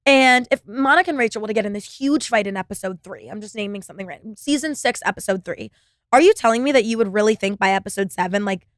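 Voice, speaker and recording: A young woman rants through her own podcast episode in a blunt, swear-laden ramble, dropping "like" every few words. Her voice sits at an ordinary pitch and is recorded dry and close, with no room sound around it. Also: fast talker, dry recording. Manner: blunt, profane, filler-heavy with frequent "like". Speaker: podcast host. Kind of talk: casual solo podcast monologue.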